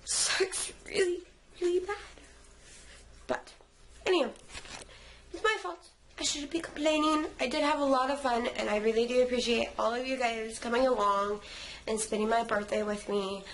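A woman's voice: a little high, steady tone, moderate pace, a little hiss or hum. A young woman vlogging from her couch at home, sleepy and tired, rambling in a chatty way. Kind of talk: casual vlog chat.

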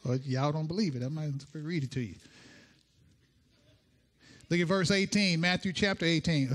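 A male pastor delivering a sermon, playful and animated, acting out quotes as he teaches. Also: a little high, normal speed, pauses often.

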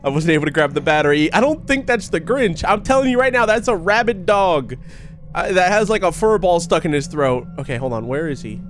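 Excitable young man, high lively voice. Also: a little fast, faint music behind. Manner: excitable, laughing, talks to himself and the viewers. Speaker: gaming YouTuber. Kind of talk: horror game commentary.

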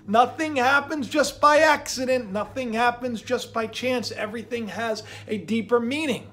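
A man hosting his own channel, rambling through animated, conspiratorial commentary with lots of repetition. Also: high voice. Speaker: channel host.

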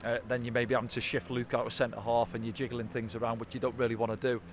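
A man's voice: mid-range voice, little pitch movement, quick pace. A man chatting as a football pundit, giving post-match analysis in a conversational way and often ending points with tag questions. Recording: faint outdoor traffic noise.

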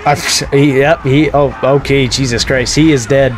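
A man's voice: mid-range voice, steady tone, moderate pace, soft background music. A man commentating on his own gameplay in a casual let's-play, joking and exclaiming at scares. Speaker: gaming video host.

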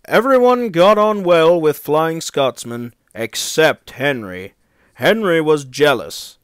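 A man reading a storybook aloud in a measured, expressive way. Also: on the high side, smooth, no room sound, clean studio sound. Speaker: storybook reader. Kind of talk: storybook narration.

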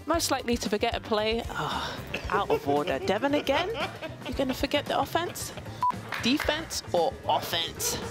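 A woman hosting a quick-fire question segment with a basketball team, bubbly and cheering. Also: on the high side, sing-song, over loud music. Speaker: interviewer. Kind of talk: upbeat team quiz segment.

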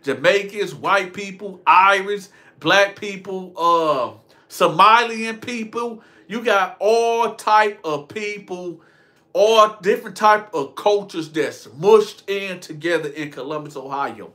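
A young man spins a loose, slang-heavy storytime monologue, straying into side stories and chuckling at his own tales. His voice sits a bit high and sounds bright and forceful. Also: takes it slowly. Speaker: storytelling vlogger.

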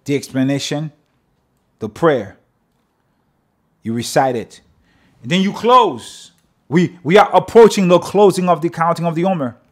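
A man's voice: fairly high pitch, lively intonation, a little slow, long pauses. A man teaching a religious lesson, reading prayer lines aloud and then explaining them with emphasis. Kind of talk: sermon with read-aloud prayer.

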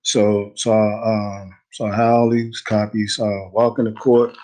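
A man's voice: on the low side, level tone, a little slow, dark tone, low-quality recording. A young man telling a story in a casual interview, slangy and rambling, laughing easily. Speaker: guest telling his story.

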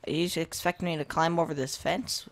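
A gaming video host giving casual let's-play commentary into a desk microphone at a home setup, chatting to viewers and reacting out loud to jump scares. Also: mid-range voice, fairly even intonation, a little fast. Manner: talks to the viewers and to himself while playing.

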